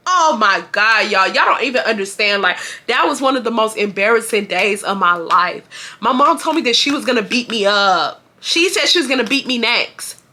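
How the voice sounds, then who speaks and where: Bright-voiced woman in her twenties. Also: fairly high pitch, moderate pace. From Houston, Texas. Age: 20s. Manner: animated and profane, acting out shouted quotes. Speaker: vlogger. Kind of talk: casual storytime.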